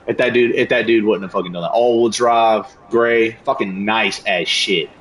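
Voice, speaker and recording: A young man streaming a game, telling a story in a casual, animated rant full of slang and cursing. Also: on the low side, moderate pace, rough recording. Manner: animated, profane, slangy ranting. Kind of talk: casual storytelling while gaming.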